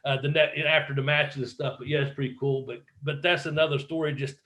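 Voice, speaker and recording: A former wrestler telling stories in a casual interview, swearing freely and acting out what other people said. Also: male voice, a little high, fast talker. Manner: profane, animated storyteller acting out quotes. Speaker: guest, former pro wrestler.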